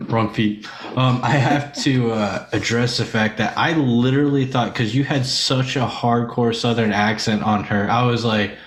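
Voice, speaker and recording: A man hosting a casual podcast chat, animated, laughing often and tripping over his words. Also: medium pitch, unhurried, echoey room, slight background noise. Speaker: podcast host.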